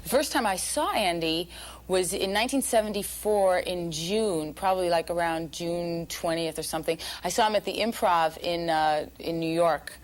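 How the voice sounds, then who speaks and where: A woman's voice: on the low side, normal speed. A woman reminiscing in an interview, chatty and laughing as she tells her story.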